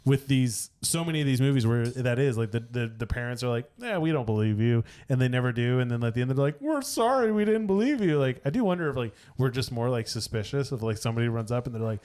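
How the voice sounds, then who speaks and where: Man, podcast co-host, rambling casual chat, lots of fillers, mid pitch. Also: fairly even intonation, fast talker, few pauses, a little mellow, clean tone. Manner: rambling, many fillers and restarts.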